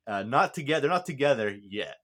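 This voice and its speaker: A man of average pitch recapping a film in a loose, chatty review. He rambles and restarts often, with frequent filler words and a chuckle here and there. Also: expressive, quick pace, fairly bright tone. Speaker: movie reviewer. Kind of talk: casual spoken movie review.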